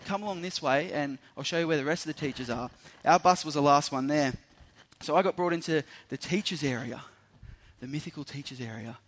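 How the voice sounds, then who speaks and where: A young man, preaching a sermon that opens with a lively story in which he acts out the people involved. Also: a little high. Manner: animated storyteller, acting out voices.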